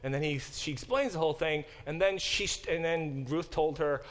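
A man's voice: on the high side, moderate pace, few pauses. A man teaching a Bible class in a conversational lecture style, often acting out quoted speech and restarting his sentences. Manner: animated, acts out quoted speech.

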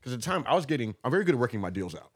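A man from Texas talks quickly in a husky, slightly rough voice. He is a guest on a casual talk show, telling stories and acting out quoted lines with animated energy. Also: medium pitch. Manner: animated, acts out quotes with laughter. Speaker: guest promoter. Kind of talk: casual storytelling.

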